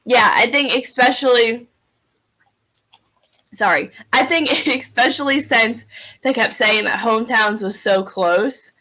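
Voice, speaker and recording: A woman co-hosting a podcast, talking fast and with animation in casual chat, saying "like" often. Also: fairly high pitch, pushed and bright, poor audio. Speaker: podcast co-host.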